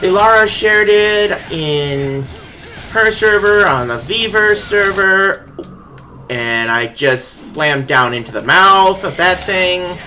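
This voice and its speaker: Bright, animated game streamer. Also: mid-range voice, slow pace, slight background noise. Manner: rambling, giggly, self-deprecating. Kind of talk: casual live-stream chat while gaming.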